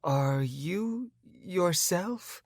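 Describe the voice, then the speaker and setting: A caring, apprehensive young woman , voiced by a male narrator in a fantasy audiobook. She speaks gently and hesitantly, in slow, dry close-mic sound. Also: medium pitch, sing-song, no room sound. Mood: concerned.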